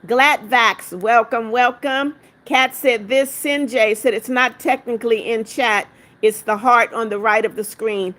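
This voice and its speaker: Reading her live chat aloud, a livestream host speaks a little slowly, her fairly high voice keeping a fairly even intonation. She lovingly calls viewers darling and counts out gifts with a laugh.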